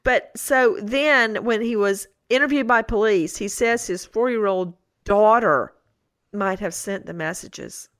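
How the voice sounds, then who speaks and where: A woman's voice: mid-range voice, measured pace, a bit bright, no echo. Incredulous storytelling woman, dry sound. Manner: storytelling, quoting her kids with incredulous outbursts. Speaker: co-host. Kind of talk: animated true-crime podcast chat.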